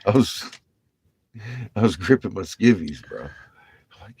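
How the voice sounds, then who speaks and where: A man's voice: fairly low pitch, wildly swooping pitch, slow, pauses often, breathy edge. A man telling rambling, profane stories about his navy days in casual vlog talk, laughing often between lines.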